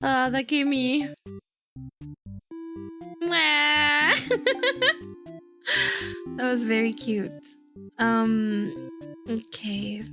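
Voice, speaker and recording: Giggly high-voiced woman streamer. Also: level tone, extremely slow, long pauses, music in the background. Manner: giggly, emotional, reacts out loud. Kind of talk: casual game stream.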